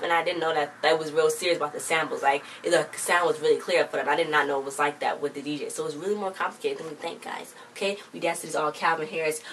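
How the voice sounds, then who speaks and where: A woman's voice: deep voice, a bit bright, distant mic, slight background noise. A woman chattily recapping a TV episode in a casual vlog, acting out the characters' lines as she retells them. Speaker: TV show recap vlogger.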